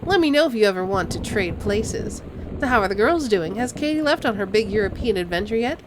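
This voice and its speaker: A woman's voice: medium pitch, animated, a little fast, background noise, natural voice. A woman reading out a game letter as a chatty middle-aged woman, in a mildly transatlantic, slightly nasal old-movie accent. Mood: breezy.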